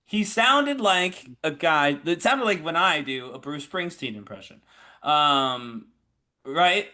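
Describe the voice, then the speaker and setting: A man co-hosting a podcast in casual chat, animated and opinionated, laughing often as he talks. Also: fairly high pitch, takes it slowly. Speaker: podcast co-host.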